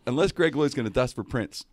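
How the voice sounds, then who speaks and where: A man's voice: medium pitch, gravelly, no echo, clean studio sound. A man telling a story in casual talk-show chat, slipping into comic voices. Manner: animated, does comic voices mid-story.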